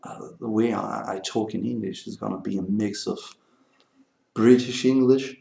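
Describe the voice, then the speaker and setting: A man's voice: lowish voice, fairly even intonation, normal speed, gravelly, mellow, roomy sound. A man from Belgium, a native French speaker with a Belgian French accent, rambling through a casual vlog chat. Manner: rambling, meandering talk. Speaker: vlogger.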